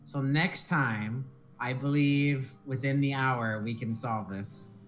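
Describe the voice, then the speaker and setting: A man's voice: medium pitch, slow, a bit bright. A man playing a co-op video game on a livestream, talking in a dry, teasing way. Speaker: co-op gaming partner. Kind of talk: casual let's-play chat.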